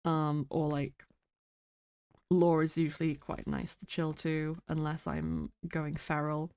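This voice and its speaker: A sick woman streamer chatting quietly and mumbling close to her microphone. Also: low voice, slow pace, clean tone. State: sick, rough throat. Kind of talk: casual stream chat. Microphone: very close to mic.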